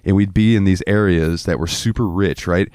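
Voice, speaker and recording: A man's voice: sits low, moderate pace, a little mellow, dry recording, studio quality. A man from Florida co-hosting a podcast, telling rambling, profane stories in casual chat. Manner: profane, rambling, acts out quotes in raised voices. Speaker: podcast co-host.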